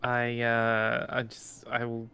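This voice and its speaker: A man's voice: medium pitch, monotone, slow pace, creaky, pushed and bright, clear, resonant tone. A man playing a tabletop role-playing game, chatting casually and thinking aloud as he decides his moves. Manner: hesitant, thinks aloud with fillers and swearing. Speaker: player.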